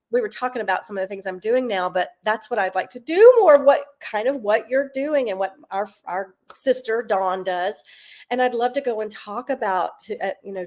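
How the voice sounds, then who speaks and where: A middle-aged woman from South Carolina, speaking as a guest in an easygoing conversation. She talks at an ordinary pitch, in a chatty way, stopping to think aloud with plenty of ums and you-knows. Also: a little mellow. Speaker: guest, Broadway performer. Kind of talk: casual chat.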